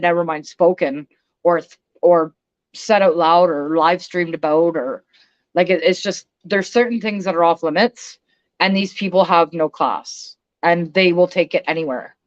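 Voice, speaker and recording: A woman's voice: on the low side, normal speed, dull audio. A woman ranting bluntly on a casual livestream, swearing and speaking emphatically. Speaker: vlogger.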